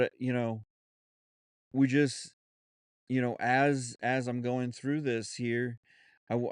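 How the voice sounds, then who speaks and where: A man with a Southern US accent hosts his own podcast, speaking unscripted and sincerely, full of pauses and restarts. His voice is smooth and clear at a middle pitch. The sound is close and dry. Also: darkish tone, no echo. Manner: halting, many restarts and fillers, earnest. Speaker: podcast host. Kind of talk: unscripted solo podcast talk.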